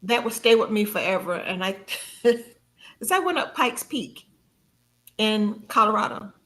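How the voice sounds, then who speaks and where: A woman guest on a podcast telling a personal story in an animated conversational way, laughing often and jumping high in pitch when she quotes herself. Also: measured pace.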